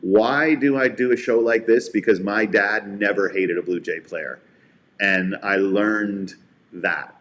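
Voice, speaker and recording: A man's voice: on the low side, measured pace. A man co-hosting a sports podcast, telling stories in a casual, heartfelt way. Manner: warm storytelling, heartfelt. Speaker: podcast co-host.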